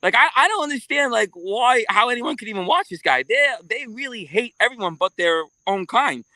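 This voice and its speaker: A man talking as a guest in a casual, profane interview, telling stories in an animated way. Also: extremely high pitch, normal speed, dry recording. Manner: animated, swearing, storytelling.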